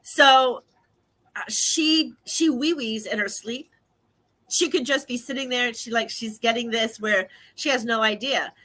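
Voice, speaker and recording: A woman's voice: a little high, unhurried, pushed and bright. A woman hosting a radio podcast, talking casually with frequent laughter and greeting listeners by name. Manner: chatty, laughing often, greets listeners in chat. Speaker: podcast host. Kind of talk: casual talk show monologue.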